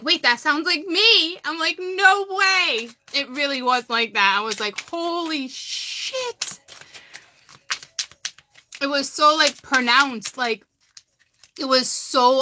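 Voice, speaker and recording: A woman's voice: on the high side, background noise. A woman from Massachusetts with a Massachusetts accent, chatting casually and rambling on a live tarot stream, often repeating herself. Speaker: tarot card reader on a livestream.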